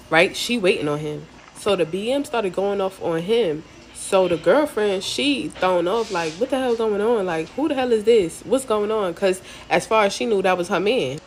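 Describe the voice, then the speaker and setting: A woman's voice: on the low side, a little hiss or hum. A young woman telling a casual storytime from her time in prison, loose and slangy, with many fillers.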